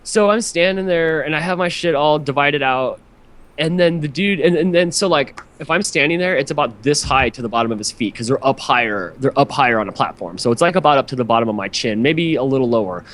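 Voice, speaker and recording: A man's voice: fairly high pitch, fairly quick, a bit bright. A man on a podcast telling a long story in a rambling, profane way, full of "like" fillers. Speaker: podcast host. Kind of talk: casual storytelling chat.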